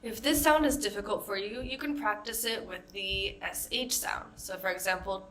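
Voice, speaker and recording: A woman with an American accent teaching a pronunciation lesson, modeling example words slowly and carefully. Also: mid-range voice, huge pitch swings, fairly bright tone. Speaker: accent coach.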